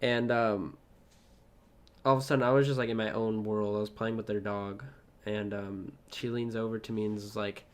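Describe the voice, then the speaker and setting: A man's voice: lowish voice, flat delivery, moderate pace. A young man co-hosting a podcast, telling a long story in casual chat, rambling, swearing often and laughing at himself. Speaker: podcast co-host.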